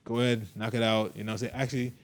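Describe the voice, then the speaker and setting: Man, former wrestler, talks fast, rambles and restarts, middle pitch; loose comedy guest. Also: little pitch movement. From Brooklyn, New York. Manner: rambling, rapid, with repeated restarts and apologies. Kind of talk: casual comedic interview banter.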